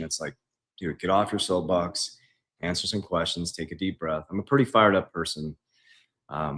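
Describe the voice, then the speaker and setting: A man with a deep, low voice hosts a relaxed livestream from his kitchen. He talks loosely and conversationally, often tossing in "man," and reads viewer questions aloud before answering them off the cuff. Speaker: investing coach. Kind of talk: casual livestream Q&A. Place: home kitchen.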